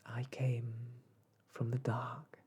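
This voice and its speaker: Whispered role-play, reader doing a self-pleased storybook baby, hushed and husky. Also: medium pitch, a little slow, heavily acted. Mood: soft. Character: vain newborn baby girl.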